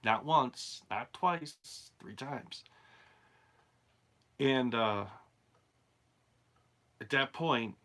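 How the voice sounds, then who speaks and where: A man's voice: mid-range voice, very slow, long pauses, a bit bright. A man telling a true haunted-house story in a rambling, conversational way, full of asides. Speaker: channel host and storyteller. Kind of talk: casual spoken true ghost story.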